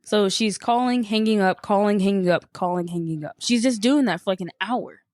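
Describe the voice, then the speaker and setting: A woman's voice: medium pitch, fairly quick, darkish tone, no room sound, clean studio sound. A young woman, a podcast co-host, telling a story in casual chat, swearing and acting out the people she quotes.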